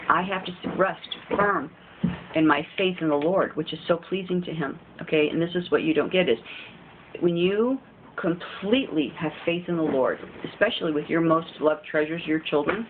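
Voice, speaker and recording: A woman giving informal spiritual encouragement, earnest and repetitive, often pleading. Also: on the low side. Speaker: faith video host. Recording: tinny phone-like audio with faint hiss.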